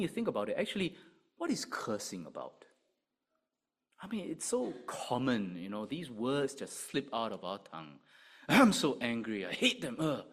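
A man preaching a sermon, asking rhetorical questions and swinging between loud emphasis and quiet, low asides. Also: husky. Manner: animated, rhetorical questions, rises and drops sharply in volume.

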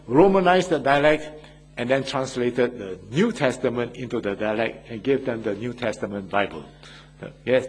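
A man's voice: mid-range voice, slight background noise, rough recording. An older man preaching a sermon as pastor, earnest, with frequent "yes" and "uh" asides.

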